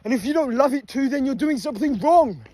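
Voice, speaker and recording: A man's voice: very high voice, lively intonation, quick pace, dark tone. A young man, out of breath, giving a swearing motivational rant while jogging at night with a phone. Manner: swearing, preachy, breathing hard while running. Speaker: fitness vlogger. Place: outdoors by a motorway at night. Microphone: phone held while running.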